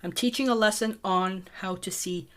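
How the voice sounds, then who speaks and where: A woman's voice: mid-range voice, moderate pace. A middle-aged woman teaching a casual painting tutorial, chatty and thinking aloud as she mixes colours.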